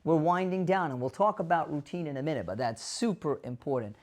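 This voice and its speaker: A man who is a doctor giving direct-to-camera advice to dementia caregivers, animated, asking rhetorical questions and acting out the voices he quotes. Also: a little high, fairly quick.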